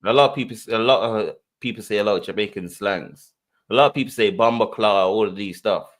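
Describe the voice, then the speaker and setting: A man's voice: lowish voice, brisk. Blunt man arguing casually. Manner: blunt, argumentative. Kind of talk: casual chat.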